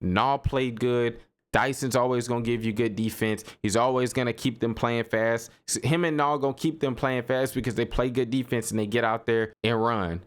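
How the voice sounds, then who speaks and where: A young man hosting a casual solo basketball podcast, talking in a loose, animated way, repeating himself and laughing as he riffs on games. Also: mid-range voice, normal speed, clear, resonant tone. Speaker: sports podcast host. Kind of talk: casual solo sports commentary.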